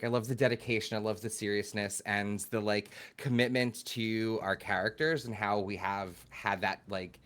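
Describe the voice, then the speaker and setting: A man player thanks his fellow players after a tabletop campaign. He is bubbly and quick to laugh. He fills his talk with "like" and "um". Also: medium pitch, a bit bright. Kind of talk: post-game wrap-up chat.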